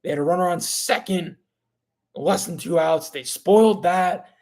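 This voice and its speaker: Brief: young male podcast host, somewhat high voice, frustrated fan rant, stammering and repetitive. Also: measured pace, creaky, darkish tone.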